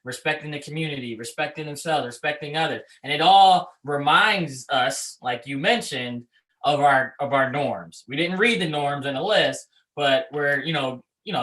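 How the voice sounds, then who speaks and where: A man's voice: mid-range voice, sharp tone, rough recording. A man who leads a school, a guest in a casual leadership chat over a video call, explaining his points through examples in a conversational way. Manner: conversational, many fillers and restarts, explains with examples.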